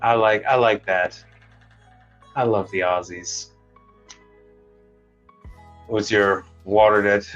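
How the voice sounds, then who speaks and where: A man's voice: fairly low pitch, fairly even intonation, slow pace, long pauses, a bit bright, lo-fi sound, soft background music. A man from Chicago, a commercial kitchen equipment tech, ranting bluntly and with plenty of swearing as he chats on a live stream and argues with comments from his chat. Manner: talks back to chat comments.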